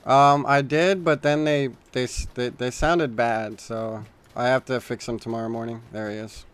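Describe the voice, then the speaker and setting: A man's voice: mid-range voice, normal speed, slight background noise. Young man streaming a shooter game. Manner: swings from calm callouts to loud panicked yelling. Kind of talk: casual gaming chatter.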